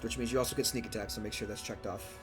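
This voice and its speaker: A man running a tabletop game as game master, relaxed and joking as he narrates and rules. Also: lowish voice, rapid-fire, faint music behind.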